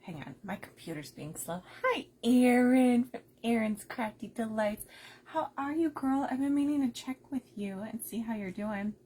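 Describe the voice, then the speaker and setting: A woman hosting a casual crafting live stream, talking softly and keeping her voice down while unwell with a migraine, chatting to viewers as she goes. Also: on the high side, expressive, normal speed, slightly rough. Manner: soft-spoken, keeps her voice down, chatty asides to viewers.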